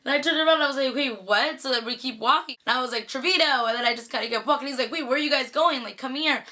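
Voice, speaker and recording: A young woman from the Bay Area recounts a story in a casual vlog, her speech rapid and peppered with "like." Her voice sits a little high, with a bright, forceful edge. The delivery stays animated and chatty throughout. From Bay Area, California. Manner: chatty, animated, lots of "like" fillers. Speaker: vlogger.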